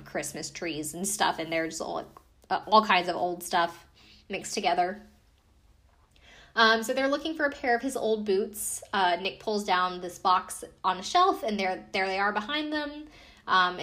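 A woman's voice: medium pitch, fairly bright tone. A woman casually recapping a reality TV episode, chatty and profane, with lots of fillers and asides. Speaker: podcast recapper.

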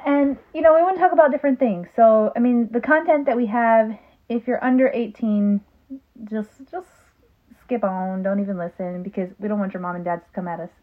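A woman co-hosting a casual podcast with her sister, chatty and quick to laugh, with plenty of ums. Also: a little high. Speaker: podcast co-host. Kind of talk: casual chat. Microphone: phone. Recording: phone-like narrow sound.

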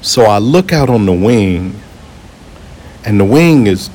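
Low-voiced man telling a casual story. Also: takes it slowly. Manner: relaxed, conversational, repeats himself, occasional chuckles. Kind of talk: casual spoken anecdote.

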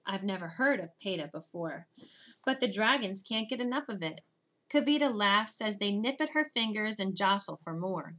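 A woman giving expressive, steady first-person narration of a children's storybook. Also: mid-range voice, moderate pace. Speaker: audiobook narrator.

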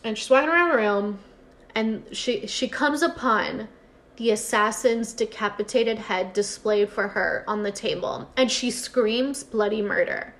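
A woman's voice: fairly high pitch, a little slow, fairly bright tone. A young woman casually recapping a TV episode on a podcast, chatty and full of "like", acting out the characters' lines as she goes. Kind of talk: casual chat.

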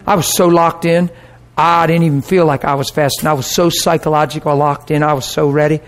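Animated man preaching a personal story. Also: a little high, brisk. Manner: animated storyteller, acts out quoted voices, laughs and gets emotional. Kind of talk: sermon storytelling.

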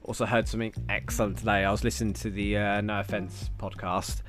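A man, hosting his own podcast and rambling through stories, swearing constantly and getting animated. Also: on the low side, quick pace, faint music behind. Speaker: podcast host. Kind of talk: casual solo podcast chat.

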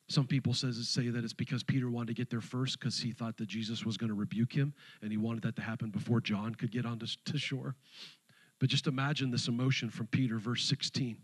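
Husky animated preaching man. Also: medium pitch, a little fast, poor audio. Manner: animated preaching, swinging between loud exhortation and hushed storytelling. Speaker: pastor. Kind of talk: sermon.

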